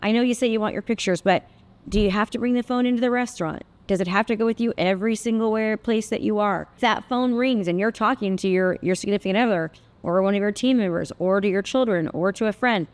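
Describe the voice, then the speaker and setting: A woman's voice: mid-range voice, fast talker. A woman in her fifties, a real estate coach, talking earnestly and conversationally to camera with many fillers and asides. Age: 50s. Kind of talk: personal reflective talk to camera.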